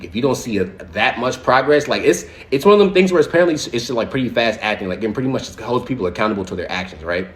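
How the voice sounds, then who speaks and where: A man's voice: medium pitch, lively intonation, fast, few pauses. A young man telling a casual storytime monologue to his viewers, slangy and profane, full of fillers and asides. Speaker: social media storyteller.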